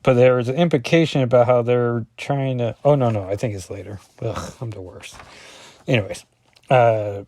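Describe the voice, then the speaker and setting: A man's voice: medium pitch, normal speed, dark tone, no echo. A man casually reviewing a comic book page by page, rambling and often correcting himself with lots of ums.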